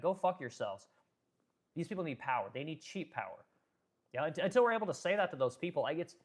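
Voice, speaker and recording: A man in a blunt, profane, unscripted commentary rant, reading out viewer comments as he goes. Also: fairly high pitch. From American Midwest. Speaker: political commentary streamer.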